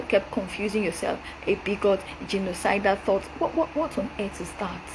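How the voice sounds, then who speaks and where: A young adult woman hosting her show, delivering a forceful, preachy rebuttal straight to camera. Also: medium pitch, background noise. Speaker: show host. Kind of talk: direct-address rebuttal monologue.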